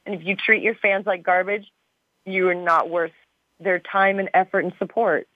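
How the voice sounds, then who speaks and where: A woman's voice: lowish voice, fairly even intonation, moderate pace, no room sound. Chatty woman on a tinny phone line. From Arizona, USA. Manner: bubbly and chatty, with frequent fillers. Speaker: guest, TV show star. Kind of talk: casual interview chat.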